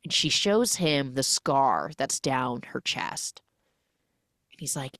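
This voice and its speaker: A woman hosting a film recap podcast, telling the story in an animated way with casual asides. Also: extremely low pitch, a little slow, long pauses, dry recording, studio quality. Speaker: podcast host.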